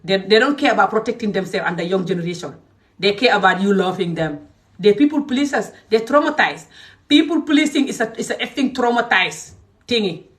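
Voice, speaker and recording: A woman from Gambia giving an angry, emphatic rant to her followers, swinging between loud outbursts and low muttering. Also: expressive, fairly quick, distant mic. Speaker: social media creator. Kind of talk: angry direct-to-camera rant.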